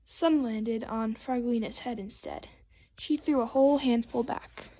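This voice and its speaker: Slow, high-voiced woman reading storytime. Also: a little hiss or hum. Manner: expressive, savoring sound words. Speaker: storytime reader. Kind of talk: reading a picture book aloud to children.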